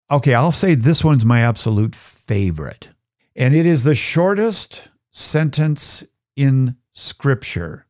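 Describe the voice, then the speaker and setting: A man's voice: mid-range voice, dry recording, studio quality. Earnest middle-aged man teaching Scripture. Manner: earnest, conversational, reads Scripture slowly; gets choked up and soft when sharing personal grief. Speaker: podcast host. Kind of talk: reflective Bible teaching talk.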